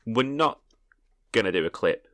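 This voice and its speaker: A young man with a very deep voice co-hosting a relaxed podcast chat. He laughs easily and often stumbles and repeats himself while explaining. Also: moderate pace, no room sound. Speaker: podcast co-host. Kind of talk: casual chat.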